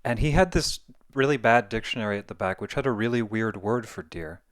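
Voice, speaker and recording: A man's voice: fairly low pitch, brisk, no echo, clean studio sound. A man explaining a topic in a casual monologue, thinking aloud and correcting himself as he goes. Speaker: video essayist.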